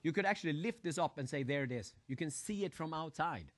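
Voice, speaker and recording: A man giving a live motivational seminar talk, animated, acting out crowd shouts and putting questions to his audience. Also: a little high, fast talker. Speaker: motivational speaker.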